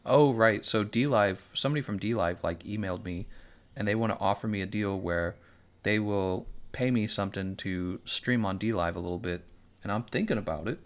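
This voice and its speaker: A man's voice: on the low side, fairly quick. A young man streaming a game, chatting casually and sarcastically, reading viewer messages aloud. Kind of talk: casual gameplay commentary.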